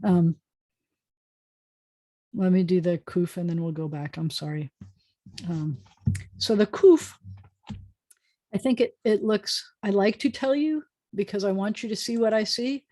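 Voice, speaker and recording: A woman with a mellow, warm voice teaching a beginners' Hebrew class over a video call. She talks in a chatty, relaxed way and often stops to correct herself while drawing letters on screen. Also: mid-range voice, a little slow, pauses often. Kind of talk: online class lesson.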